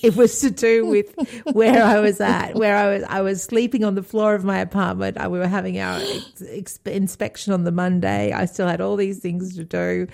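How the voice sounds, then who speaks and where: A woman's voice: medium pitch, fairly even intonation, normal speed, vocal fry, hardly any pauses, a little mellow. An Australian woman co-hosting a podcast over a video call, telling stories in casual chat and laughing at herself. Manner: chatty storyteller, laughs at herself. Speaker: podcast co-host.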